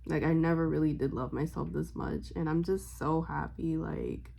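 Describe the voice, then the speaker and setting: Young woman vlogger, slightly low voice, rambling storytime chat full of fillers. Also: steady tone, normal speed, vocal fry, warm tone, husky. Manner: rambling, heavy on fillers, loses her train of thought; emotional and upbeat, smiling while talking. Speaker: vlogger and spiritual reader.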